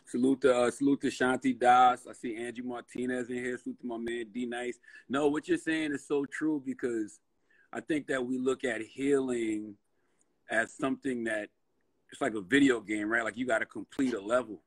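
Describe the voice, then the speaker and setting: A man talks casually in a candid conversation. His voice is husky and sits at a middle pitch. The recording is dry, with no room sound. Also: normal speed, no room sound. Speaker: radio host.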